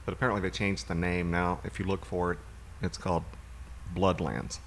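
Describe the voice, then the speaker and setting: Male co-host, very low voice with fry, relaxed and rambling, faint noise behind. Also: brisk. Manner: rambling, relaxed movie recaps with fillers. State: hiccuping. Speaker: podcast co-host. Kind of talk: casual chat.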